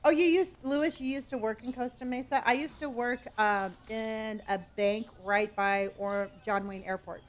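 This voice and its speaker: Chatty streamer woman, slightly high voice. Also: normal speed, hardly any pauses. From Southern California. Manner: chatty, reads viewer locations aloud with sudden excited gasps; talks to herself while playing a store game. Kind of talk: casual live-stream chat.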